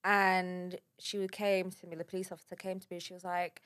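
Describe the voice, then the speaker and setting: A woman telling a personal story in a halting, shaken way, with many fillers. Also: lowish voice, level tone, fairly bright tone, clean tone. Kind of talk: casual spoken account.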